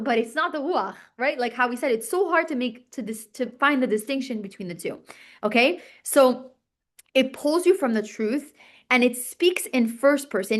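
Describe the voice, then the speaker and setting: A woman teaching a class in a bright, chatty manner, her voice sitting a little high. She keeps checking in with her listeners, asking "okay?" and "right?", and rushes through restarts as she explains. She acts out inner voices to make her points. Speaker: teacher of a religious text class. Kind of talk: classroom lesson.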